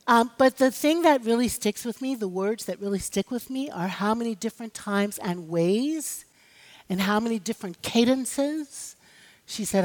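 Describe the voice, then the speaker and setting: A woman's voice: on the high side, lively intonation, normal speed, darkish tone. Woman pastor preaching a personal sermon. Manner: storytelling, personal and humorous, speaks directly to the congregation.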